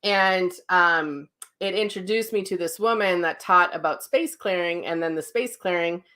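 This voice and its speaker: A woman's voice: fairly low pitch, moderate pace. A woman teaching a live online class as a psychic medium, who tells stories animatedly, laughs often and answers viewer comments, speaking into a livestream mic at home. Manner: chatty, animated, laughs while telling stories. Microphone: livestream mic, sound sometimes cutting out.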